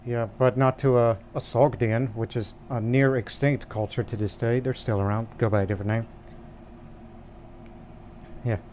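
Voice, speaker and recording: A man's voice: mid-range voice, steady tone, normal speed, pauses often, a little mellow. A man co-hosting a gaming podcast, hesitant and stopping often on ums. His voice sits mid-range, with a faint hiss behind it. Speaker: podcast co-host. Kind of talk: casual podcast chat.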